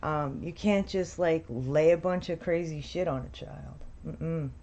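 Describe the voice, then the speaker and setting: A woman with a lowish voice delivers blunt, sarcastic commentary, swearing freely as she reacts to a video. The recording is dull and lo-fi. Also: a little slow, warm tone.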